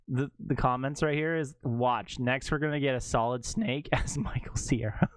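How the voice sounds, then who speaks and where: A man streaming a game live, ranting in casual chat and leaping between low mutters and high exclaims. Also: normal speed, dry recording. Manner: animated ranting, jumps to high exclaims and laughs.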